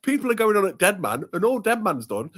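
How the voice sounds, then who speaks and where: A man's voice: sits high, big pitch swings, fast, fairly bright tone. A man, ranting animatedly in a casual livestream chat, swearing often and repeating himself. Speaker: guest commentator. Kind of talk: heated casual rant on a livestream.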